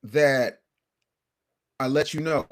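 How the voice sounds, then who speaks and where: A man's voice: mid-range voice, slow. A man hosting a casual livestream commentary show, brash and combative, talking straight to his chat.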